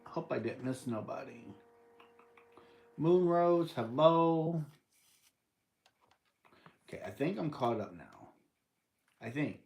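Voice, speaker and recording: A man's voice: mid-range voice, expressive, slow pace, long pauses, darkish tone, slight background noise. A man with an American accent hosting a casual livestream, reading viewer comments aloud and greeting people by name in an easygoing way. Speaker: livestream host. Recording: echoey room.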